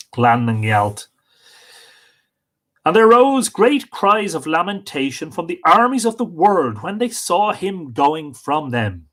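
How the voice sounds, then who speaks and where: Expressive male storyteller. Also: on the high side. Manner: expressive reading with joking asides. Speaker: storyteller and stream host. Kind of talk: live myth reading.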